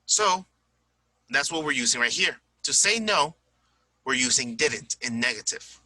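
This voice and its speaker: A man explains grammar in a relaxed, informal teaching voice, going slowly over the key points. His tone is very bright and sharp. The sound is dry and close. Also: fairly high pitch, no room sound, rough recording. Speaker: English teacher. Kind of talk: casual grammar lesson. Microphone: tablet recording.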